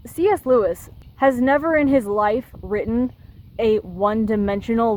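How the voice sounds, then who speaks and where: A woman's voice: medium pitch, a little mellow, a little hiss or hum, rough recording. A young woman giving casual critical commentary, ranting with exasperated sarcasm. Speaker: video essayist.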